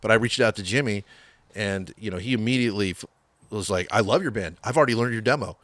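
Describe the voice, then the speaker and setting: Animated, foul-mouthed middle-aged male storyteller. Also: lowish voice, fast talker, dry recording. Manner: animated storyteller, swears a lot, acts out quotes. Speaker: guest. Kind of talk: casual interview storytelling.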